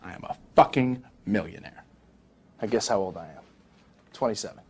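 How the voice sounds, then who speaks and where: A man's voice: animated, moderate pace, darkish tone, husky. An actor in his twenties playing a brash, profane young stockbroker boss in a film monologue. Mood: boastful. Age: 20s. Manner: brash, profane recruiting pitch. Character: cocky young rich male broker, swaggering.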